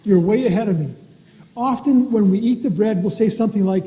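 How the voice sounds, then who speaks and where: Gentle, dark-voiced minister in a reverberant church. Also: medium pitch, a little fast, breathy edge. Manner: gentle, playful, talks simply to children. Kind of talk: children's time communion talk. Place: church sanctuary.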